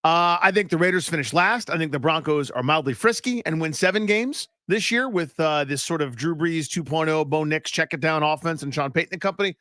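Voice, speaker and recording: A man's voice: on the high side, brisk, hardly any pauses, pushed and bright, dry recording, clean studio sound. A man co-hosting sports radio talk, making emphatic, opinionated predictions.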